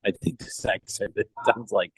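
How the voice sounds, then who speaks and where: A man's voice: fairly low pitch, moderate pace, breathy edge, no echo, low-quality recording. A man co-hosting a comedy podcast in casual chat, rambling through stories, swearing and laughing as he goes, talking over a remote call. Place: remote call from a cruise ship.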